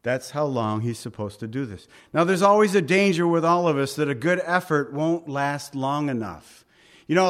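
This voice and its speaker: A man preaching a sermon, animated, laughing often, acting out quotes and asking his listeners questions. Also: a little high. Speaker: pastor.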